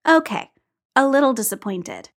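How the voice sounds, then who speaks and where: A wry, grumbling grown man, as a woman reading a story puts him on, his voice pitched up and bouncing high. He teases and complains in quick, casual bursts. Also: animated. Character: wry, grumpy adult man, hungry and teasing.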